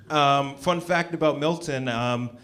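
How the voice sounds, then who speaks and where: A young man doing a stand-up set at an open mic, with a loose, halting delivery full of ums. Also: fairly high pitch. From Canada. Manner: laid-back, halting delivery with many ums. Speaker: stand-up comedian. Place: small comedy venue with a live audience.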